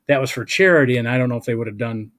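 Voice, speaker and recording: A man's voice: mid-range voice, very fast, a bit bright. An older man hosting a casual chat, rambling as he tells old stories and hunts for names. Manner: rambling, gets lost hunting for names. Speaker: host.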